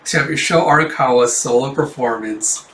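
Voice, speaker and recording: A man's voice: medium pitch, a little fast, a bit bright, a little hiss or hum. A young man casually reading and reviewing a manga chapter, rambling and filling gaps with "you know" and "like". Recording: roomy, distant mic.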